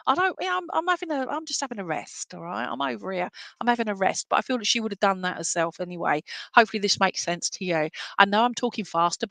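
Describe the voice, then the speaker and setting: A chatty woman giving a clairvoyant reading over a video call, rambling from one thought to the next. She keeps checking in with the person she is reading for. Her voice sits at a middling pitch and sounds close and dry. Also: a bit bright, dry recording. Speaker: spiritualist medium. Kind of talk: clairvoyance reading in an online service.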